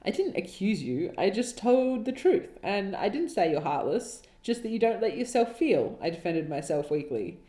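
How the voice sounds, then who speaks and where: Her mid-range voice is mellow and sing-song, running at normal speed with few pauses. As a podcast co-host, she reads her old writing aloud in dramatic fashion, tossing in exasperated, laughing, sarcastic remarks. A roomy echo fills the recording.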